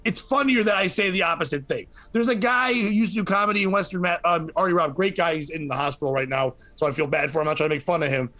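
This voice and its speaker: A man's voice: on the high side, fast talker, hardly any pauses, pushed and bright. A man hosting a casual podcast chat, joking and laughing often. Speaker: podcast host.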